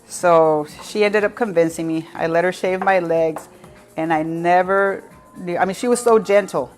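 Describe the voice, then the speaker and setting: Over soft background music, a middle-aged woman with a fairly low voice speaks a little slowly. She's hosting a casual live cooking class from her home kitchen, chatty and warm, telling stories with laughs and asides straight to her viewers.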